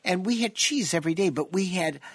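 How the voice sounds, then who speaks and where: A man's voice: sits high, a little fast, slightly rough. An American man talking casually on a radio show as a nutrition guest, chatty and jokey. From United States. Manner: chatty, jokey, animated storyteller.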